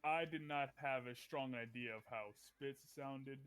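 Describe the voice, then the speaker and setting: A man chatting casually as a tabletop player, reflective but emphatic. He often punches a word with a sudden loud stress. His voice sits at an ordinary middle pitch. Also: a little slow, smooth. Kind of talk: casual chat.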